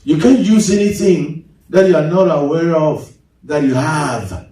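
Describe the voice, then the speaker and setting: High-voiced preacher in an echoey hall. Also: male voice, a little slow, mellow. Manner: preaching with sudden pitch swings, mimicking congregants. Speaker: pastor. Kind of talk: sermon. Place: large church hall. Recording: echoey hall, mic at a distance.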